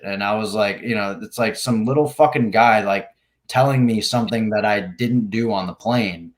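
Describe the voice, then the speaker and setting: A man's voice: lowish voice, a little fast. A man, a podcast guest, telling a rambling story in casual talk, full of swearing and "like" fillers. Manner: rambling, heavy swearing, many "like" fillers, acts out quotes.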